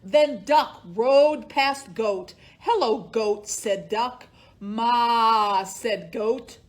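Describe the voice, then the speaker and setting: A woman librarian reads a children's picture book aloud at an unhurried pace. Her fairly high voice swoops up and down in a sing-song storytime manner, and she acts out each animal as it speaks. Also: animated, a little mellow.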